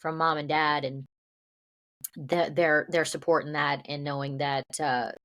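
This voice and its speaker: Southern-raised actress guest, low voice, earnest and reflective. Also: female voice, flat delivery, measured pace, fairly bright tone. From American South. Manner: earnest, reflective, many "you know" fillers. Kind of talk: casual interview chat.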